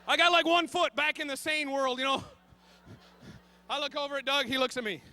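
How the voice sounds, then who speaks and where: A man in his thirties telling a comic story on stage, animated and frantic, bursting into shouts. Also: very high-pitched, a little fast, slight background noise. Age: 30s. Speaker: comedian.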